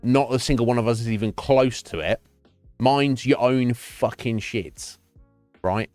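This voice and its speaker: A man's voice: medium pitch, a little slow, darkish tone, dry recording, faint music behind. A middle-aged British man chatting casually to his stream, blunt and sweary, rambling with many restarts. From Britain.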